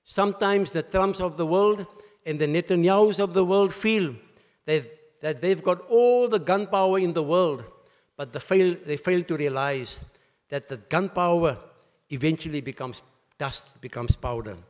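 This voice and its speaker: A man delivers a Friday sermon, his voice pitched a little high for a man. He is emphatic and repeats key phrases for weight. The sound carries a long reverb from a mosque hall. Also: normal speed. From South Africa. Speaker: mosque speaker.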